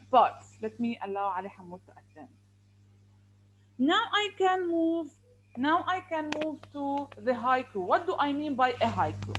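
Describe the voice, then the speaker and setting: High-voiced woman teaching an online class. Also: slight background noise, low-quality recording. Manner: patient, repeats and stretches words to explain. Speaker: English teacher. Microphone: video call.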